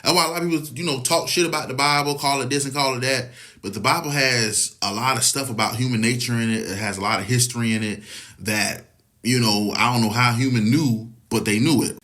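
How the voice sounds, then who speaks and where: A man's voice: mid-range voice, pushed and bright. A man giving a casual, rambling opinion monologue, swearing often and asking if you follow him. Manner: profane, rambling, keeps asking "you know what I'm saying".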